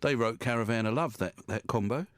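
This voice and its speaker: A male radio presenter chats loosely in the studio, wandering from one joke to the next and chuckling at his own lines. His voice sits at an ordinary middle pitch. The sound is dry and close, with no room echo. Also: fairly quick, clean tone. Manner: rambling and jokey, laughs at his own quips. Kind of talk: casual studio chat.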